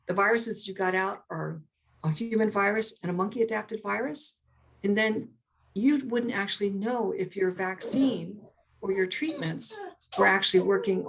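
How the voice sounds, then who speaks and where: A woman's voice: medium pitch, vocal fry, husky. A middle-aged woman talking as an interview guest, explaining earnestly with many restarts and repeated words. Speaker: guest, primatologist.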